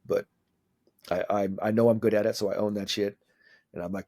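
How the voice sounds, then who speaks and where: A man in his forties, a mental skills coach, talking casually in an interview, animated and swearing freely as he acts out what people said. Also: on the low side, brisk.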